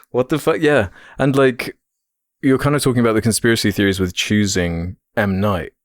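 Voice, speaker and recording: A man's voice: lowish voice, a little slow, long pauses, no echo, clean studio sound. A man co-hosting a podcast in casual chat, laid-back and hesitant, hedging his points. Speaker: podcast co-host.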